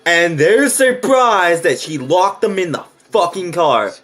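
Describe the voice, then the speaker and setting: A man's voice: high voice, expressive, slow pace, a bit bright. A man reacting to and reviewing a movie, ranting in an exasperated way with constant swearing.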